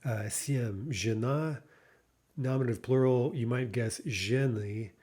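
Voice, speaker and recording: A man teaching a recorded Russian language lesson, explaining patiently, pausing on "uh", and checking in with "right?". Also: medium pitch, a little mellow. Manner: thinks aloud with frequent "uh" pauses.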